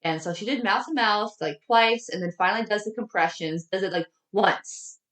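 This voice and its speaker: A woman co-hosting a casual movie review podcast, chatty and lively, walking through scenes with lots of fillers. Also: mid-range voice, normal speed, echoey room. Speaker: podcast co-host.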